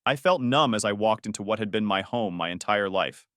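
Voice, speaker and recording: A young man narrating a first-person story in an even, reflective way. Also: on the low side, brisk, dry recording, studio quality.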